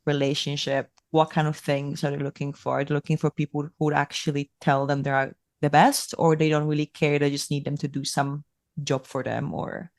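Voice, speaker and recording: A man's voice: a little high, little pitch movement, fairly quick, dry recording, clean studio sound. A man hosting a podcast interview, asking questions in a chatty, appreciative way. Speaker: podcast host. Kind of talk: casual interview.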